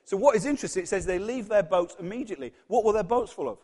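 High-voiced preacher in a reverberant hall. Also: male voice, quick pace, darkish tone, slightly rough. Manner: earnest, repeats words, acts out quoted voices. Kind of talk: sermon. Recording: long reverb of a church hall.

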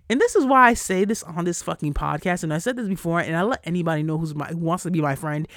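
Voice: mid-range voice, lively intonation, dry recording, studio quality. A podcast host ranting heatedly, swearing constantly and peppering the talk with "like". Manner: heated, profane, fast-cutting rant; frequent cursing and "like" fillers. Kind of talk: solo podcast rant.

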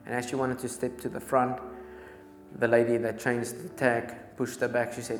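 A man's voice: mid-range voice, flat delivery, normal speed, soft background music. A man preaching a sermon in a church, telling a story with urgency and repeated phrases. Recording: echoey church hall.

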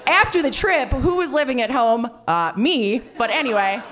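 A woman storyteller with a slightly high voice, talking in an animated, self-mocking way. She swears casually and leans on "like" as she tells a personal story. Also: normal speed. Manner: animated, swearing, heavy filler "like"; self-mocking, frequent laughter.

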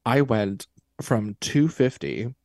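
A man's voice: medium pitch, big pitch swings, slow, darkish tone, no room sound, clean studio sound. A man telling candid, self-mocking stories as a guest in a casual chat.

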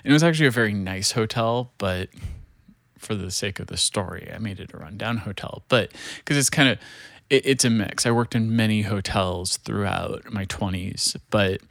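A man in his thirties tells a story in a rambling, casual way, swearing, laughing and leaning on fillers. His voice sits fairly low, and it sounds close and dry, with no room around it. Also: moderate pace, vocal fry, fairly bright tone, no room sound. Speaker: show creator.

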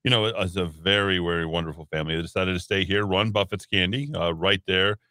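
Radio host guy, bright punchy tone, lowish, dry studio sound, lots of uhs. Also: fairly even intonation, fast, no echo. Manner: loose, chatty, many filler "uh"s. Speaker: radio talk show host. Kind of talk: casual radio talk. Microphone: studio broadcast mic.

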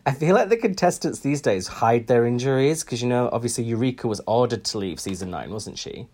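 A man's voice: mid-range voice, animated, fairly quick, darkish tone. A man co-hosting a podcast in casual chat, wry and chatty with frequent ums. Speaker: podcast co-host.

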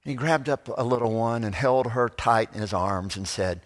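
A man preaching a sermon as pastor, moving between loud animated passages and soft, hushed ones. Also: medium pitch, moderate pace, few pauses, in a large hall.

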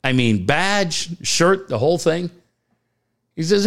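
A middle-aged man sits in on a casual podcast chat, spinning stories and playing out every exchange in the voices of the people involved. His voice sits a little high for a man and swings up and down a great deal as he talks, with plenty of swearing mixed in. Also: slow pace. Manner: animated storyteller acting out dialogue, swears freely. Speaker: podcast co-host.

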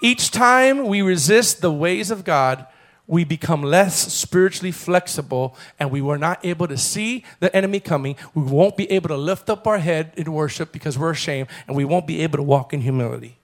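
A man preaching a sermon as pastor, calling on the congregation to repeat phrases and building to loud, fervent passages. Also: on the high side, brisk, few pauses. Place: church.

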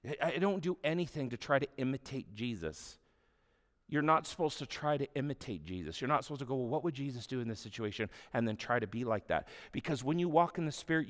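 Conversational male preacher in a reverberant hall. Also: medium pitch. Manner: conversational, humorous storytelling. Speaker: pastor. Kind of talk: sermon.

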